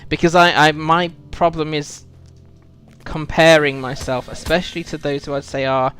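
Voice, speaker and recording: A man's voice: a little high, little pitch movement, normal speed, fairly bright tone, clean tone, faint music behind. A British man streaming a video game, chatting reflectively with viewers, full of ums and restarts. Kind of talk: casual live-stream chat while playing.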